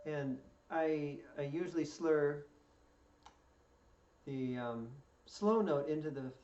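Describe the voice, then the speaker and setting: A man's voice: on the high side, darkish tone, faint music behind. Male fiddle instructor, patient, counts in; distant, roomy, dull recording. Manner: patient, counts in slowly before each play-through. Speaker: fiddle teacher. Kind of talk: step-by-step music lesson. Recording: echoey room, distant mic, dull sound. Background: fiddle playing.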